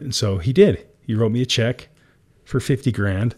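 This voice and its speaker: Speaking as a guest in an interview, this middle-aged entrepreneur shares a personal story openly, laughing frequently and sometimes growing emotional. His voice is mellow and medium-pitched, and his pace is moderate.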